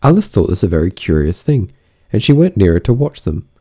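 A man narrating an audiobook of a classic tale in an expressive, theatrical reading. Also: low-pitched, fairly quick, husky.

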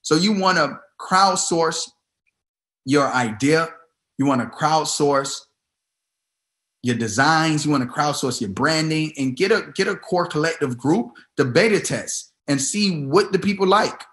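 A man's voice: on the high side, unhurried, a bit bright. A man hosting a casual business talk, giving advice in an emphatic style and repeating himself for emphasis. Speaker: host.

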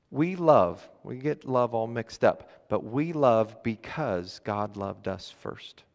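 A man's voice: fairly low pitch, gravelly. A male pastor preaching a sermon, reading scripture and adding chuckling, conversational asides. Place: church sanctuary. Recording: long church reverb.

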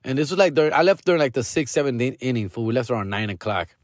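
A man's voice: mid-range voice, lively intonation, rapid-fire, no room sound, studio quality. A male comedian tells a casual story on his podcast, full of swearing, slang and Spanish words.

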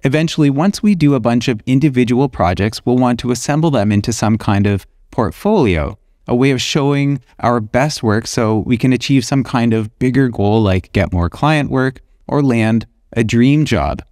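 A man of middle pitch talks alone into a close mic in a dry room with no echo. He sounds thoughtful and measured, like an illustrator hosting his own podcast and reflecting on his work. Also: darkish tone. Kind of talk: reflective solo podcast talk.

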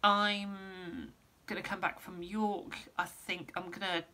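A woman, a musician giving a casual vlog update, rambling with many pauses and restarts, her voice going hoarse. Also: medium pitch, flat delivery, bright, forceful tone. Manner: rambling, lots of ums and restarts. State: losing her voice, clearing throat.

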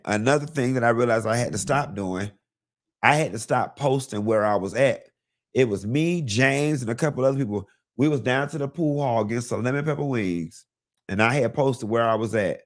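A man hosting a live celebrity gossip show, talking bluntly and sassily, with lots of cursing and animated storytelling. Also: mid-range voice, normal speed. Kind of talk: casual celebrity gossip commentary.

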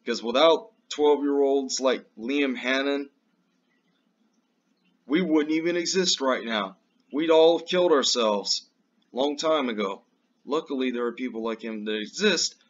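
A man hosting his own show, ranting emphatically with lots of profanity in a political commentary. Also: medium pitch. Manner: slow and drawn out. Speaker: show host. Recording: dull lo-fi recording.

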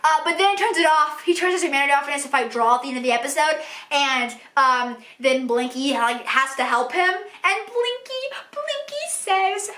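A woman vlogger talking casually from a room at home, excitable and rambling with lots of fillers. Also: sits high, normal speed. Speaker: book and TV vlogger. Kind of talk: casual ranking vlog. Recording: echoey room.

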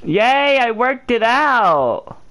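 Exasperated gamer with a lively voice. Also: medium pitch, extremely slow. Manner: exasperated, loud outbursts. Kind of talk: casual let's-play commentary.

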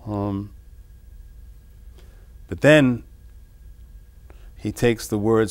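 A man discussing his own song lyrics in an interview, reading lines and then explaining them in a musing, halting way. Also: fairly low pitch. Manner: halting, many restarts. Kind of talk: reflective interview talk.

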